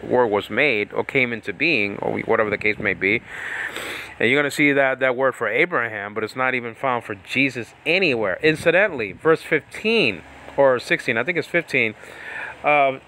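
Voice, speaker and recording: A man's voice: medium pitch, bright, forceful tone. A man teaching Bible Greek in a loose, rambling way, breaking off into tangents and laughing. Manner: rambling, self-interrupting, laughs often. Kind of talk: casual teaching talk with tangents.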